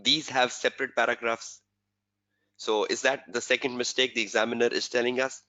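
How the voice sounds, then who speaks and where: Male tutor, webinar lecture, bright voice, muffled lo-fi sound, repeats himself. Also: medium pitch, flat delivery, a little fast. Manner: repetitive, quizzing rhetorical questions. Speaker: exam tutor. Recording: dull lo-fi webinar audio.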